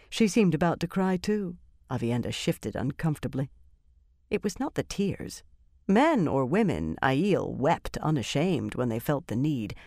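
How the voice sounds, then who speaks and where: A woman narrating a fantasy audiobook in a measured, even storytelling manner. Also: sits low, dry recording, studio quality.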